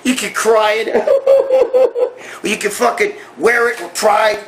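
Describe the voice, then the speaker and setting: A man's voice: high-pitched, steady tone, normal speed, a bit bright, a little hiss or hum. A middle-aged man hosting a show, ranting and telling stories in a brash, profane, blunt way. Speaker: host. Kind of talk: profane monologue rant and storytelling.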